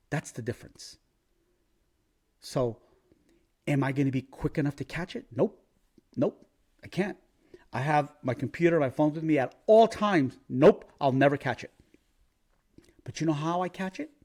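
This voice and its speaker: A man's voice: mid-range voice, darkish tone. A brash, profane man giving casual market commentary as a crypto trading vlogger, thinking aloud while checking charts.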